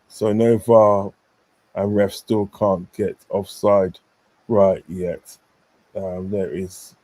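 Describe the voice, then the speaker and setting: A man from the English Midlands hosts a live football stream, chatting bluntly and reading viewer comments aloud in a casual way. His voice is lowish and warm, though the audio quality is poor.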